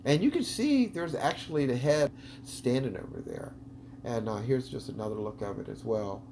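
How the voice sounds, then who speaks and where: A man's voice: mid-range voice, expressive, normal speed, dark tone, a little hiss or hum. A man hosting a video, talking casually and eagerly over footage, with lots of ums and restarts. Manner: chatty, enthusiastic, many ums. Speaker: video host analyzing footage.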